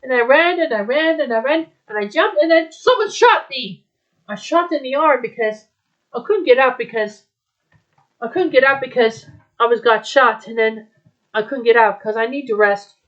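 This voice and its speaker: A woman retelling a story aloud in a rambling, halting way, with many restarts. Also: a little high, a bit bright. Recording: dull lo-fi recording.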